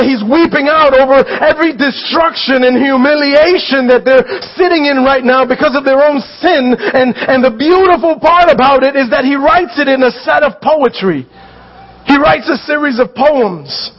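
High-voiced earnest male pastor preaching. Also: dull audio. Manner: earnest, conversational, checks in with the congregation; repeats and restarts phrases, builds to shouted pleas. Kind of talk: sermon.

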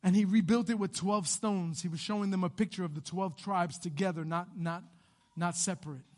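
A man pastor preaching a sermon, swinging between loud animated bursts and hushed quiet passages. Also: sits high, moderate pace.

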